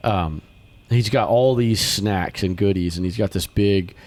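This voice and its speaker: A man with a fairly low voice hosts a relaxed podcast chat. He tells stories in an animated way, jumping far up in pitch whenever he quotes someone. His talk is loose and conversational, with plenty of restarts. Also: measured pace. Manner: animated storyteller, acts out quotes with big pitch jumps. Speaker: podcast host. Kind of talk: casual chat.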